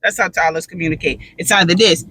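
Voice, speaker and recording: A tired mother in casual storytelling, talking in an animated, sassy way and leaning on emphatic repeats. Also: fairly low pitch, fast, breathy edge. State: tired, drained. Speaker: mother and vlogger.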